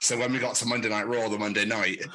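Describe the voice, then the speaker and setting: A man's voice: fairly low pitch, flat delivery, fast talker, crowd noise, rough recording. A young British man co-hosting a podcast, chatting loosely, laughing often and swearing freely. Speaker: podcast co-host. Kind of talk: casual chat.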